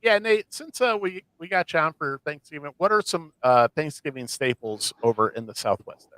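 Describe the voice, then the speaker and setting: A man's voice: fairly high pitch, expressive, moderate pace, fairly bright tone, dry recording, poor audio. Male podcast host, casual and rambling, dry close-miked sound. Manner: rambling, many fillers and restarts. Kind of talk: casual chat.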